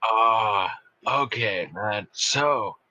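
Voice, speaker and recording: A man playing a tabletop role-playing game, talking in a relaxed way. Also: fairly low pitch, very slow, no echo. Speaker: player. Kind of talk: tabletop role-play, casual. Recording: dull lo-fi online audio.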